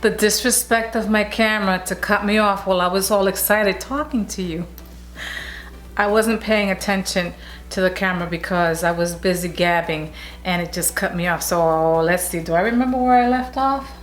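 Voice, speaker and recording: A woman's voice: medium pitch, fairly even intonation, moderate pace. A woman vlogger chatting casually about beauty products, gushing and full of restarts and asides, recorded on a camera mic at home. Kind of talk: casual product review chat.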